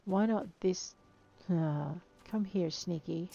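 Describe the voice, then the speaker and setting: Woman playing a game, chatty, playful, gravelly voice, dull lo-fi sound, faint music. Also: lowish voice, slow pace, dark tone. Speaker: game player. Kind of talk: let's play commentary.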